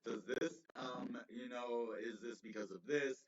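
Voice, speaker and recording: A man in a casual livestream, thinking out loud and tripping over his own words, laughing them off. His voice is mid-pitched and comes from some way off the mic. The room echoes, and the sound is slightly muffled. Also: steady tone, unhurried. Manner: rambling, self-correcting, chuckles often. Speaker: crypto livestream host. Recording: roomy, distant, slightly dull mic.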